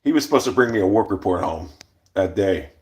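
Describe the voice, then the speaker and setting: A man's voice: sits low, expressive, fairly quick, a little mellow. Blunt, profane man telling stories. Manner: blunt, profane, full of restarts. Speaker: storyteller. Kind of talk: casual rambling monologue.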